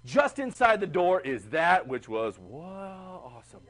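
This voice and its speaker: A man teaching a history class, chatty and animated, asking the class questions. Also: high voice, unhurried. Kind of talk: classroom lecture.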